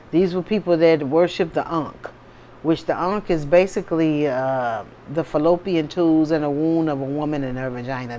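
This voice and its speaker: Tarot reader vlogging loose and chatty, mid-pitch voice, keeps going "okay?" and "you know what im saying", faint hiss behind. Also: a little mellow, dull audio. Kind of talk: casual spiritual vlog monologue.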